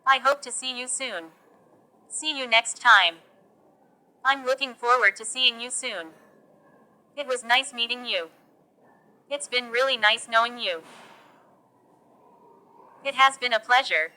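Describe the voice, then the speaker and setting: A woman reads short example phrases for English learners, pausing after each one. She speaks very slowly and deliberately. Her voice is a little high and has a bright, crisp edge. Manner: slow, deliberate phrase-by-phrase delivery. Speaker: English teacher.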